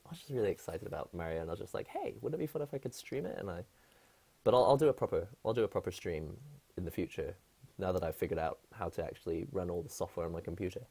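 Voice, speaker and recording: Low gravelly-voiced man chatting on stream. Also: warm tone. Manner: chatty, rambling, laughs often. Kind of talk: casual live-stream chat. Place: his apartment.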